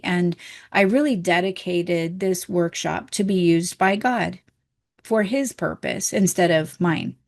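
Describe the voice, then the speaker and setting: A woman's voice: on the low side, a little mellow. A woman teaching a healing course, telling a personal story in an earnest, candid way and voicing her own past thoughts.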